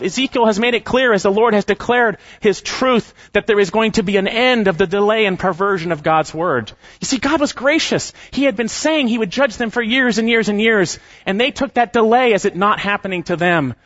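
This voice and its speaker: A man preaching an expository sermon, emphatic, slowing down and dropping his voice at the ends of phrases. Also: high voice, fairly bright tone, dry recording, muffled recording. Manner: emphatic preaching with slowed, falling phrase endings. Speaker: pastor.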